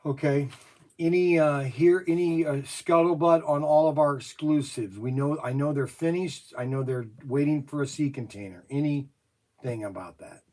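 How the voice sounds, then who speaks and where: A man's voice: a little high, normal speed, a little mellow. A man running a toy shop livestream, chatty and jokey while making a phone call.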